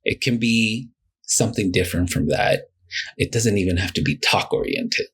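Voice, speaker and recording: A male therapist talking casually on a podcast, animated, with many fillers and acted-out client quotes. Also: lowish voice, moderate pace, slightly rough. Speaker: therapist guest.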